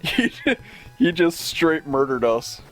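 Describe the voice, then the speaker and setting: A man's voice: a little high, very animated, slow pace, a bit bright, soft background music. A man co-hosting a casual let's-play, laughing often and joking along while playing. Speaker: gaming show co-host.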